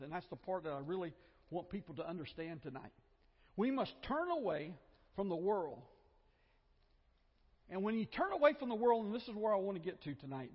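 High, lively Southern preacher man. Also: slightly rough. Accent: Southern American. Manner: conversational, with joking asides and repeated phrases. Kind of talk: sermon. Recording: dull, echoey church hall recording.

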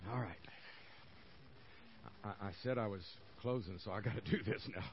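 A man's voice: fairly low pitch, normal speed, muffled recording. An older man preaching a sermon as pastor, folksy and conversational, hammering phrases over and over.

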